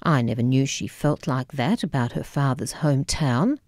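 Woman narrator for a memoir read: low, mellow voice, unhurried, wry and measured, close and dry. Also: no echo. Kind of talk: reading a memoir audiobook.

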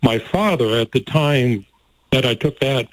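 A man's voice: medium pitch, a little slow, dry recording, rough recording. An older man telling a story from his youth in a folksy way, laughing often and getting emotional. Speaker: guest telling a life story. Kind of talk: personal storytelling.

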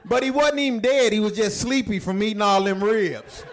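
A man with a fairly high voice works through a stand-up set. His telling is laid-back and loose, full of everyday vernacular. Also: moderate pace, a faint crowd, a little hiss or hum. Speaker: stand-up comedian.

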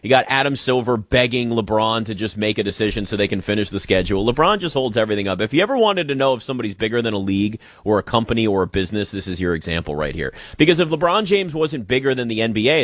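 Male sports talk host, lively swinging delivery, dry close sound, opinionated and chatty. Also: medium pitch, dry recording.

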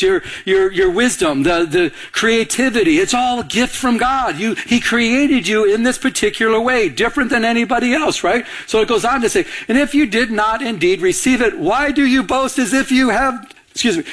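High-voiced animated male pastor preaching. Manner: animated preaching with call-and-response questions. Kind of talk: sermon.

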